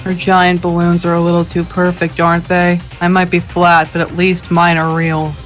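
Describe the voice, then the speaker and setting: A man's voice: high voice, monotone, moderate pace, fairly bright tone, soft background music. A man voicing a vain, bratty teenage girl in a catty, taunting way during a game playthrough.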